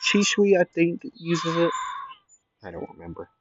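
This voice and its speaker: A man's voice: on the high side, very animated, a little slow, muffled recording. A young man improvising a what-if fan story, rambling and correcting himself as he goes, on a home mic. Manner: rambling, self-correcting, lots of fillers.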